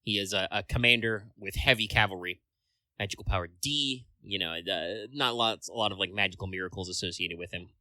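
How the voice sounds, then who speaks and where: A man's voice: fairly low pitch, fairly quick, pushed and bright, no echo. A man co-hosting a casual podcast chat, rambling along with lots of filler words and casual swearing. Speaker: podcast co-host.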